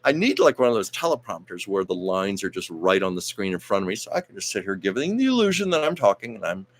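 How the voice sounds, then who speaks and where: A man's voice: low-pitched, big pitch swings, fast talker. A man hosting a casual livestream, telling stories in a chatty, rambling way and reading viewer comments aloud. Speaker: host of a livestream show.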